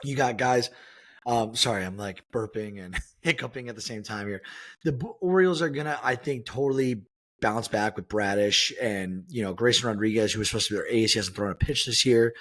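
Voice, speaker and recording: A man's voice: fairly low pitch, brisk, fairly bright tone. Rambling American man talking baseball. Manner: rambling, many fillers and restarts. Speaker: podcast co-host. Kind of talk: casual sports chat.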